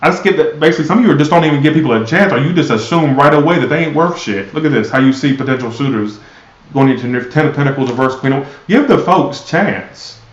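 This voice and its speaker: Blunt male tarot reader, sarcastic and profane, mid-pitched, roomy lo-fi sound. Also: lively intonation, fast. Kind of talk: live tarot reading.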